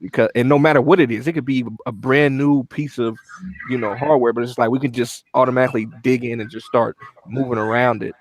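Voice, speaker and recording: A man co-hosting a podcast, explaining music software in a slangy, casual way with lots of restarts. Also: mid-range voice, steady tone, a little fast, no echo. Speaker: podcast co-host, producer. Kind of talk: casual chat about music production gear.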